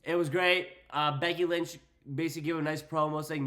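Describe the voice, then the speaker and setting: A man's voice: fairly high pitch, fairly even intonation, a little fast, few pauses, fairly bright tone. A man giving a casual, slangy wrestling recap, putting on voices for quotes. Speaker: wrestling commentator.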